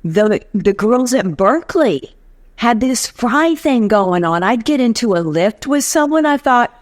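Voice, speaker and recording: A woman hosting an interview, sharing unhurried anecdotes in conversation. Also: on the high side, lively intonation, no echo. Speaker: interview host.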